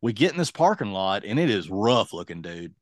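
A young man and podcast co-host telling a casual, lively anecdote, acting out other people's lines as he goes. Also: lowish voice, fairly quick, dry recording, clean studio sound. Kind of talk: casual storytelling.

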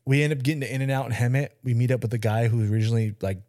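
Talking very fast in a warm, mid-range voice with a steady tone, a thirtysomething podcast co-host tells a loose, casual story. He swears liberally and acts out the people in it. There's no room sound, and the recording is dry and close to the mic.

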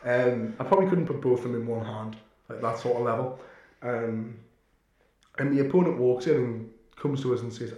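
A man's voice: mid-range voice, a little fast, warm tone. Crude, blunt young guy in an echoey room. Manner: crude, blunt, swears a lot. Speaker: podcast co-host. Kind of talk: casual storytelling chat.

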